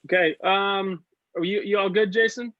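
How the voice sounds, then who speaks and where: A man running an online class who talks in quick, encouraging bursts and keeps offering to connect people. His voice sits a little high and sounds dry and close. The video call line is muffled and lo-fi. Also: fairly even intonation, dry recording. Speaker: class leader.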